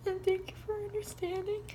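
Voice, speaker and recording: A young woman vlogging to her viewers, tearful and halting, her voice breaking as she apologizes. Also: very high-pitched, dark tone, a little hiss or hum. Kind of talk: personal vlog talk to viewers.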